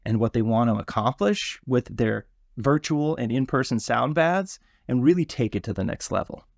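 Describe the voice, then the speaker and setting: A man, an audio expert guest, explaining a course in a measured, matter-of-fact way. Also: medium pitch, animated, creaky, no echo, studio quality.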